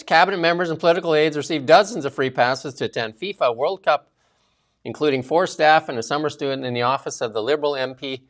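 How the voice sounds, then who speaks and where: A man's voice: a little high, fast. A man from Canada co-hosting a political talk show, ranting indignantly with sarcastic asides. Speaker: co-host. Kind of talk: political commentary chat.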